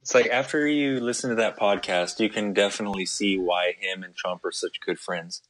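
Deep-voiced man chatting at his desk. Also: no room sound. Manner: relaxed, with many uh and um pauses. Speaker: podcast co-host. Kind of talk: casual chat.

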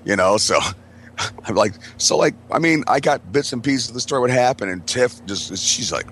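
A man's voice: sits low, moderate pace, a bit bright, slight background noise. A man telling a rambling, profane story in casual chat as a podcast host, laughing as he goes.

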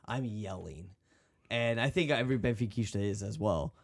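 Animated man chatting about football. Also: on the low side, normal speed. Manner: animated, swearing, laughing often. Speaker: podcast co-host. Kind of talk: casual sports chat.

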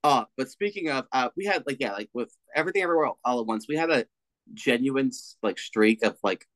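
A man's voice: medium pitch, fast talker, no room sound, low-quality recording. Emphatic male podcast co-host, dry sound. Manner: animated, emphatic, swears freely. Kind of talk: casual chat.

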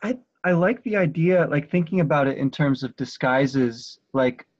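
A man chats on a podcast, pausing and filling gaps as he hunts for the right words. His voice comes through a dull, muffled line with a dry, close sound and no room echo. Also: a little high, expressive. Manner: hesitant, lots of "like" and "um", searching for words. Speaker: podcast co-host. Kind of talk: casual book discussion.

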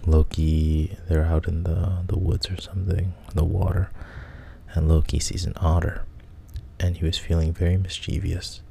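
A man hosting a sleep show, telling a bedtime story in a soft, half-whispered, meandering way. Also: low voice, level tone, gravelly, slight background noise. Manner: meandering and unhurried, with casual restarts.

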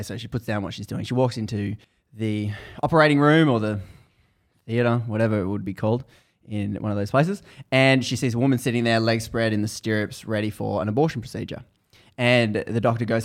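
A man hosting a podcast, casually retelling a book's story in animated bursts that build tension. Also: fairly low pitch, fairly quick. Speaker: podcast host. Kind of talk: casual book recap chat.

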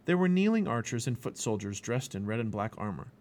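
Expressive man reading a children's book. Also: mid-range voice, fairly quick. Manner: expressive storytelling. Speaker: family podcast reader.

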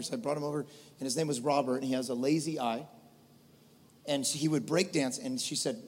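A man preaching a sermon as pastor, animated, swinging from loud preaching to quiet storytelling. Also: mid-range voice, a little fast. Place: large church hall. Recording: reverberant church hall with soft music.

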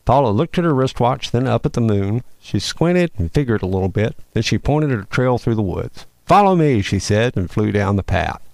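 A man hosting a show and reading a children's Christmas story aloud in a folksy, expressive way. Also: lowish voice, moderate pace, creaky, few pauses, no room sound. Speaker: host and storyteller.

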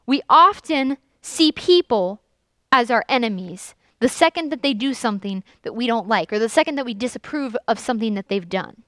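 A young adult woman, a youth pastor, preaching a sermon with earnest storytelling and lively emphasis. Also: fairly high pitch, moderate pace, no echo.

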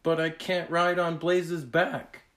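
A man's voice: medium pitch, slow, voice pushed up, lightly acted. A man putting on a jittery young squirrel girl. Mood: panicky. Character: young female squirrel, chatty and worried.

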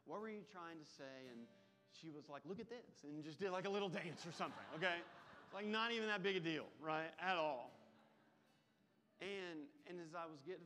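A man preaches his sermon in a slightly high voice, dropping to near-whispers and then surging loud and emphatic. His voice carries a long hall echo. Faint music sits under the sermon. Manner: swings from hushed to loud and emphatic. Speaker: pastor.

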